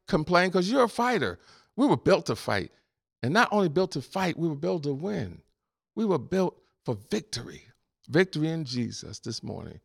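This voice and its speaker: A man delivers a fervent sermon, building rhythm through repeated phrases and breaking into brief chuckles. His voice sits a little high and carries a gravelly rasp. He closes by leading the congregation in prayer. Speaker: pastor.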